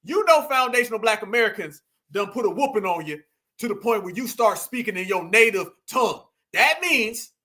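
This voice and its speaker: Male commentary host, high and bright, mocking, emphatic rant. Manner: mocking, preachy, emphatic with asides to viewers. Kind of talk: heated commentary monologue.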